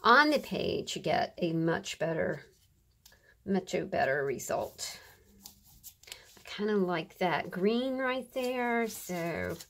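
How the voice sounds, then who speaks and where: A woman's voice: fairly low pitch, animated, takes it slowly, fairly bright tone, a little hiss or hum. A woman chatting casually through a crafting tutorial, muttering to herself and often dropping to a whisper as she works. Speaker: crafter demonstrating journal pages.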